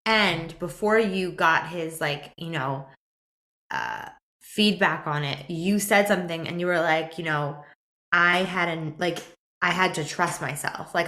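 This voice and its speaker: A woman's voice: lowish voice, fairly bright tone, reverberant. A woman hosting a podcast, enthusiastic and affirming as she asks questions. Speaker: podcast host. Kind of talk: podcast interview.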